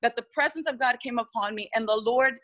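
A woman's voice: fairly high pitch, fast talker, fairly bright tone, rough recording. A woman lead pastor, from the United States, telling an earnest and emotional testimony in a podcast interview.

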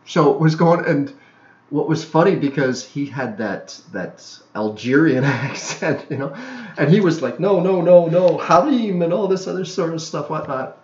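A man's voice: on the high side, animated, moderate pace, reverberant, muffled recording. A man from Canada hosting a podcast, telling crude anecdotes in a rambling way, full of fillers and restarts. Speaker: podcast host. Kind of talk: casual podcast chat.

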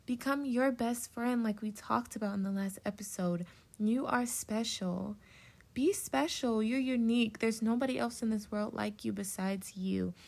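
A woman's voice: a little high, moderate pace, gravelly, a little mellow. A woman in her twenties hosting a personal solo podcast, speaking heartfelt encouragement directly to the listener and getting a little emotional. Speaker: podcast host. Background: plane passing.

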